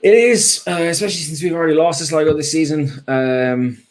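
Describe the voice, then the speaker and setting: An Irish man with a quick, higher-pitched voice chats as a fan guest after a match. He's frank and rambling, with lots of ums and restarts.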